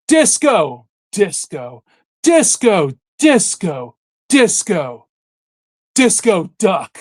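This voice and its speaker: A man hosting a casual podcast, reading silly lyrics aloud in a deadpan, mock-dramatic recital. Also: sits high, no room sound, clean studio sound. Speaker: guest host.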